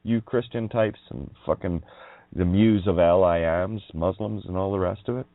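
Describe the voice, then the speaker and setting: A man's voice: low voice, normal speed, dry recording. A man hosting a radio show, ranting in a profane, mocking monologue and laughing often. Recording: dry, tinny phone-like line.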